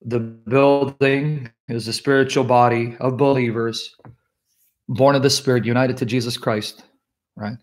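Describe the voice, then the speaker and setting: A man's voice: mid-range voice, steady tone, measured pace. A man hosting a live question-and-answer stream, answering chat comments in a blunt, preachy way and citing scripture. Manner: blunt, preachy, quotes scripture, jokes about himself. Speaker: livestream host answering chat.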